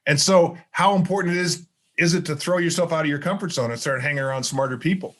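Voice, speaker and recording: A middle-aged man talks as a guest on a podcast, in a voice a little higher than most men's. He is a motivational speaker who tells stories with energy and acts out the lines of the people in them. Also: quick pace. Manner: animated storyteller who acts out dialogue. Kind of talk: storytelling interview chat.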